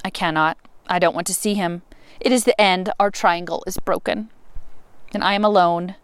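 A woman reading a novel aloud, expressive, with sudden rises and emphatic words. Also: fairly low pitch, normal speed, clean tone, no room sound. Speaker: reader.

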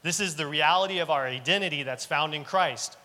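Man, preacher, earnest sermon, higher voice, bright tone, long hall reverb. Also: brisk. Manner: earnest, repeats key lines for emphasis.

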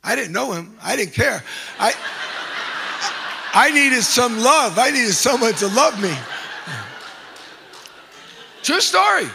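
A male pastor telling a funny personal story in a sermon, animated and self-mocking. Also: extremely high pitch, a little slow, gravelly, noisy background. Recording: long hall reverb.

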